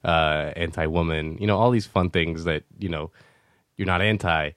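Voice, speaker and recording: Deep-voiced man explaining in restarts. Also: steady tone, normal speed, fairly bright tone, clean tone, no room sound, studio quality. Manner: hesitant, many restarts, earnest explaining. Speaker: podcast guest. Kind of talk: casual conversation.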